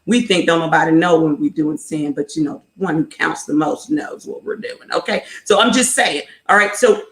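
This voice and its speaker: A woman's voice: deep voice, moderate pace, roomy sound. A woman hosting a live motivational talk as a life coach, emphatic and repetitive, driving each point home and mixing in faith-based encouragement.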